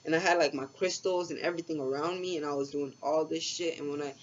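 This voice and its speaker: A man's voice: a little high, steady tone, quick pace. A young man casually rambling through a spiritual story, in laid-back, slangy talk full of swearing and fillers. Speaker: spiritual vlogger. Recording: dull lo-fi sound with faint background hiss.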